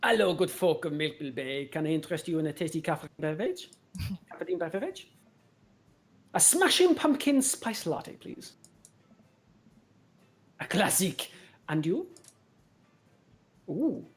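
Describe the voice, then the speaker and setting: A woman's voice: lowish voice, lively intonation, unhurried, long pauses. A woman voicing a pompous young male barista and aspiring musician who speaks with grand, theatrical politeness. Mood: showy.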